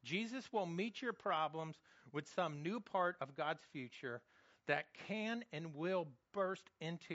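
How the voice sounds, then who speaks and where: A man's voice: a little high, a bit bright, dry recording, dull audio. A man preaching a sermon, earnest and emphatic, often repeating words as he builds to questions. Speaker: pastor.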